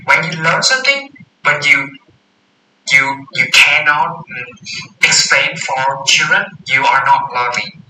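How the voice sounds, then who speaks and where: Slow, halting man in an echoey room. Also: fairly high pitch, animated, bright, forceful tone. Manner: halting, repeats and corrects words while thinking aloud. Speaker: coding tutor. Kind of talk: casual screen-share coding walkthrough. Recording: roomy echo with faint hiss.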